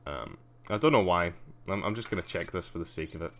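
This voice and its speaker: A man's voice: low voice, quick pace. A man with a Scottish accent that carries a slight posh edge, chatting casually and drily while streaming a game. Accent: Scottish with a slight posh English tinge. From Scotland. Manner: chatty, dry, self-mocking. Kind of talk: casual livestream commentary.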